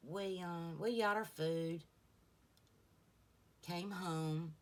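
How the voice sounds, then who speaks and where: With a lowish voice and an extremely slow delivery, this middle-aged beauty vlogger chats casually as she gets ready on camera. Her stories drift, packed with tangents.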